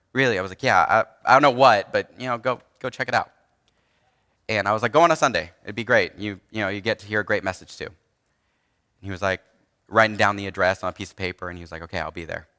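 A man's voice: on the low side, sharp tone. A young man preaching, telling a personal story in a casual, earnest way with frequent restarts and fillers. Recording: long hall reverb.

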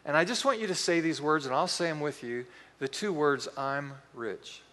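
A middle-aged man preaching a sermon, telling animated stories with acted-out quotes. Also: on the high side, a little fast, big-room sound. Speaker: pastor.

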